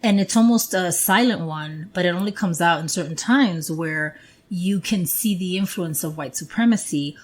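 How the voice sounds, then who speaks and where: Middle-aged woman, podcast co-host, chatty and animated, acts out the people she quotes. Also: fairly low pitch, moderate pace. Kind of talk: casual conversation.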